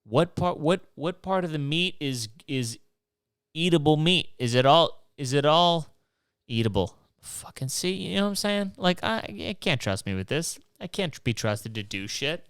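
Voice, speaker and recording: A man's voice: a little high, lively intonation, measured pace, a bit bright, smooth, no echo, studio quality. A young man hosting his own show, rambling casually and swearing, mocking himself as he goes. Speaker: podcast host. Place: New York City apartment.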